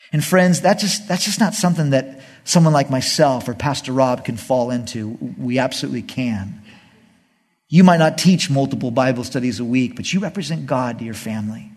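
Husky-voiced man preaching with lively pitch. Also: big-room sound. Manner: animated preaching, voices the people and God. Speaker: pastor. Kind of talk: sermon.

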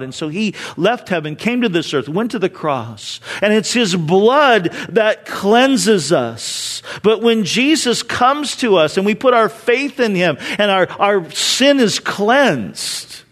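A middle-aged male preacher giving a sermon, dropping from loud emphasis to hushed near-whispers. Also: high-pitched.

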